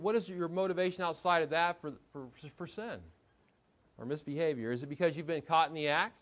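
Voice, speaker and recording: Brief: male preacher, fairly high voice, chatty sermon full of rhetorical questions, dull lo-fi recording. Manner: conversational, asks rhetorical questions, repeats words while thinking. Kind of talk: expository sermon.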